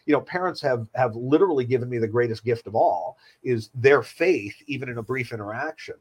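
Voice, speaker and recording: A middle-aged man, a children's surgeon, speaking in an earnest, measured and reassuring way in a conversation. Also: medium pitch, slightly rough, low-quality recording. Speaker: pediatric surgeon. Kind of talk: podcast conversation.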